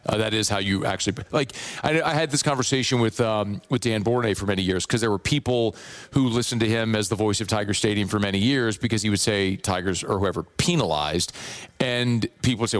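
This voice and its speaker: A hoarse man hosting sports radio, playful and rambling. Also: fairly low pitch. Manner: playful, rambling, riffs on pronunciation. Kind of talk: casual radio talk with live ad read.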